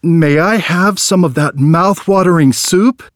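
A man voicing a nervous, polite young traveller, pitched up and stammering. The delivery is slow and gentle, recorded dry and close. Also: no echo. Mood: timid. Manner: higher, stammering, shy.

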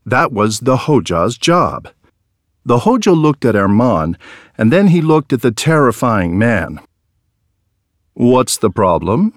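Slow, expressive male storyteller. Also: medium pitch, no room sound, clean studio sound. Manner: slow, lively, expressive reading. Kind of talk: scripted storybook narration.

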